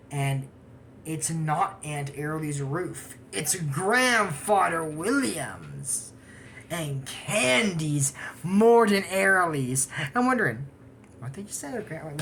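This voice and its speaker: Slow-talking, bright-voiced woman reviewer. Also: sits low, a little hiss or hum. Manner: rambling, giggly, goes off on tangents. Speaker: anime episode reviewer. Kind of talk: casual episode recap commentary.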